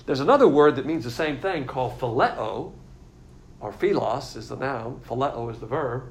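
A man's voice: medium pitch, slight background noise, rough recording. Man teaching a Bible lesson, repeating points. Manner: explanatory, repeats key points. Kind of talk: teaching sermon.

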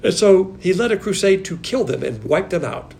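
A man preaching in a lively, conversational way, his voice pitched a little high and swinging up and down as he presses each point. A faint hiss and low rumble sit under the recording. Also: moderate pace, vocal fry. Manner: animated, emphatic, conversational, with frequent laughs. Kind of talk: sermon.

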